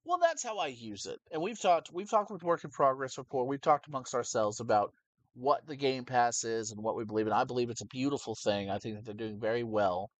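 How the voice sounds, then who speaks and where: A man's voice: medium pitch, fairly quick, no room sound. Rambling young man, close dry mic. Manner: rambling, animated, many restarts. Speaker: podcast co-host. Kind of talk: casual gaming chat.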